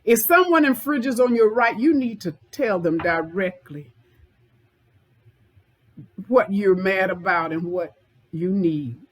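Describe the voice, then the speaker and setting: Woman, anger management therapist, unhurried delivery, direct and conversational, self-help talk. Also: mid-range voice, expressive, rough recording. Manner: direct, conversational, repeats points for emphasis.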